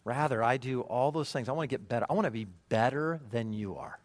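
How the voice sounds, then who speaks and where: A male pastor preaching a sermon, emphatic and animated, checking in with the congregation through rhetorical questions. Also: medium pitch, a little fast, no echo.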